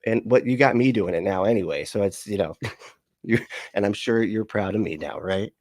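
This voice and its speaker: Low-voiced rambling streamer man. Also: moderate pace, darkish tone, dry recording, clean studio sound. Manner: rambling, laughs often, profane asides. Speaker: streamer reading live chat. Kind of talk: casual reaction stream chat.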